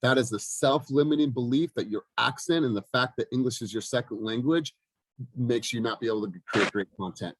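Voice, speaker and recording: A man's voice: mid-range voice, fairly quick, dry recording. Blunt, encouraging man hosting a call. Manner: blunt and encouraging, swears casually. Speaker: host of a team video call. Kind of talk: motivational team talk.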